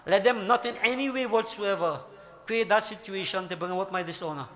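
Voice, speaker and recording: A man's voice: sits high, fairly quick, fairly bright tone. An older man gives a devotional sermon, emphatic and full of rhetorical questions to his devotees. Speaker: Hindu spiritual teacher.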